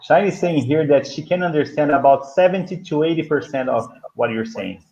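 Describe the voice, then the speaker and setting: A man's voice: on the high side, fairly quick, creaky, darkish tone, highs cut off. A man from Brazil with a Brazilian Portuguese accent, hosting a casual live-stream chat and reading viewer comments aloud. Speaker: host and English teacher.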